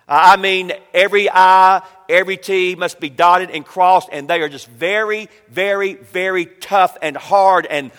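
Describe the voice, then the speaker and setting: A man's voice: fairly even intonation, a little slow, few pauses, a bit bright, clear, resonant tone. Emphatic preacher in his forties, reverberant hall. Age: 40s. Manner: emphatic preaching with rising pitch and repeated words. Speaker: pastor. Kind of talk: sermon.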